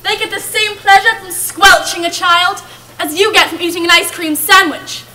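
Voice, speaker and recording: In an amateur play on a camp stage, a woman portrays a doting old grandmother warning of witches, telling scary stories slowly and dramatically with emphatic, drawn-out words. Her voice is extremely high, steady and sharp, the mood ominous. A distant camera in the audience hall picked it up with faint hiss.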